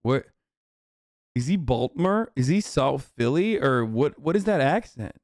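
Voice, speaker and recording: A man's voice: medium pitch, expressive, a little slow, darkish tone, no echo, studio quality. A man streaming casual reaction commentary, incredulous, mocking and profane.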